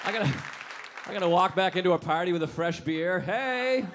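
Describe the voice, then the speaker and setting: A young man performing a stand-up set on a club stage, telling stories in a dry, deadpan way with acted-out quotes. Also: high voice, fast. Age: young adult. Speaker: stand-up comedian. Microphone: handheld stage mic. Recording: live club recording with crowd noise. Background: audience laughter.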